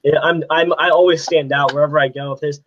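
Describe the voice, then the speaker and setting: A man's voice: on the high side, steady tone, fast talker, fairly bright tone, slight background noise. A teenage boy being interviewed, telling stories in a youthful way and laughing often. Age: teens. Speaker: guest photographer. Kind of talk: casual interview chat. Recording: dull, lo-fi sound.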